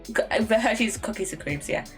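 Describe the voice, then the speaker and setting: A woman's voice: on the high side, animated, normal speed. Giggly British woman streamer, rambling. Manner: rambling, stumbles over words, giggly. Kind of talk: casual chat while gaming. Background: faint lofi music.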